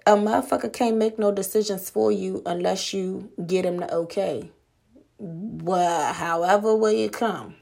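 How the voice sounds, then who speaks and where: Gravelly slow-talking woman preaching bluntly. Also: mid-range voice, a little mellow. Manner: blunt and profane, rhetorical questions. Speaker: podcast host. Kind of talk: motivational monologue.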